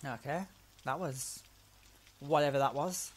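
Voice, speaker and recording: A man hosting a let's play video, giving excitable commentary that swears often and talks to himself while he plays, wearing headphones at home. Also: mid-range voice, unhurried, a little hiss or hum. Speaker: gaming channel host. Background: game music.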